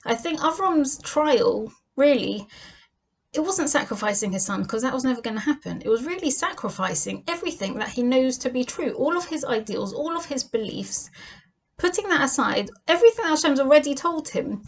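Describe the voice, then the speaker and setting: Woman teaching torah, kinda high voice, lots of questions, earnest. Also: lively intonation, moderate pace, vocal fry. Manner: earnest, asks many rhetorical questions. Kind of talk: weekly Torah portion lesson.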